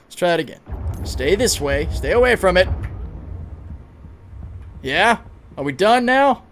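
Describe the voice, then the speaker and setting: A man livestreaming a video game, giving excitable, casual commentary, swearing freely and talking to his chat. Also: sits high, a little slow. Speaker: gaming livestreamer.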